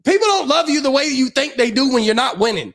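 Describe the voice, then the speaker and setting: Podcast co-host, male, very high voice, emphatic ranting delivery, casual sports banter. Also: big pitch swings, fast talker, fairly bright tone. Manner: emphatic, ranting, repeats points.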